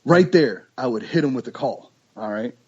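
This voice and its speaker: A man, a duck call maker, chatting casually on a podcast and telling lively stories with imitated calls. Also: mid-range voice, normal speed, breathy edge, lo-fi sound. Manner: animated storyteller, imitates duck calls and voices.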